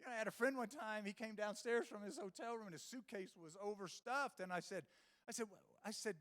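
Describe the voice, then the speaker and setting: Middle-aged male keynote speaker, high-pitched, anecdotal and ranting. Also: fast talker, a bit bright. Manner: storytelling with quoted dialogue and rants. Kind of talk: humorous conference keynote. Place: conference stage before a live audience.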